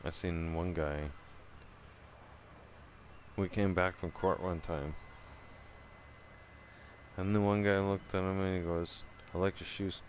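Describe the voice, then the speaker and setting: A man with a deep, low voice tells a story from his own channel at an unhurried pace. His talk is casual and profane, full of restarts and tag questions. A faint hiss sits under the recording. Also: fairly even intonation. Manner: profane and rambling, restarts a lot, keeps asking "right?". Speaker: channel host telling a story.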